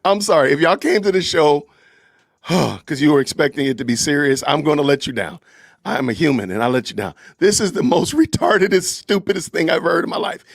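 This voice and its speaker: Incredulous laughing man, lively pitch. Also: dry recording, studio quality. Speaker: podcast host. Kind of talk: live-stream reaction commentary.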